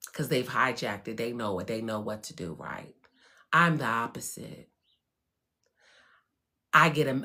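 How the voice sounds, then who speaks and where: Blunt female host, low voice with a sharp tense edge, dips from calm hush into loud emphasis. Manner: swings between hushed calm and loud emphatic outbursts; blunt and profane. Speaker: spiritual wellness host. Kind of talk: candid motivational talk.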